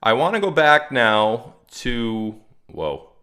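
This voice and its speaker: A man's voice: mid-range voice, lively intonation, slow, sharp tone. A man hosting a casual livestream, talking to his chat in a chatty, mocking way and reading viewer comments aloud. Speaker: livestream host.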